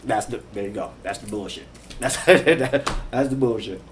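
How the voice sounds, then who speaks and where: A man's voice: medium pitch, measured pace, a little hiss or hum. A man and father of three talking casually on a livestream, rambling, repeating himself, swearing and laughing. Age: adult father. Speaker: live streamer.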